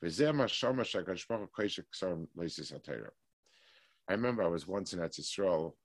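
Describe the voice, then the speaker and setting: Low-voiced man teaching a Torah class. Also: expressive, no room sound. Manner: explains slowly with restarts, reads Hebrew text quickly. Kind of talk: weekly Torah class lecture.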